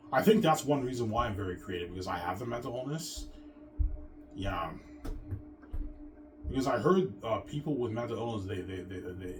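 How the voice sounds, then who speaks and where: A man's voice: fairly low pitch, noisy background. A man delivering a boastful, rambling monologue with stammering restarts. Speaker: vlogger. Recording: distant mic with clear background music.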